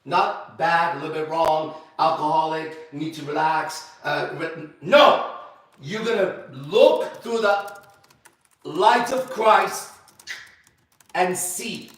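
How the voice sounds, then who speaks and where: A man's voice: on the high side, slow pace, fairly bright tone. A man preaching to a men's group, blunt and emphatic, repeating phrases for stress. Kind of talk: sermon-style teaching. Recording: very echoey room, voice far from mic.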